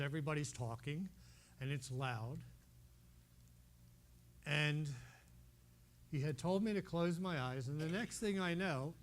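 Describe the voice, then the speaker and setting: Man, slightly high voice, animated testimony, speaks directly to a congregation. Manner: animated storyteller, addresses listeners directly. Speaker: speaker sharing a healing testimony. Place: meeting room holding about a hundred people.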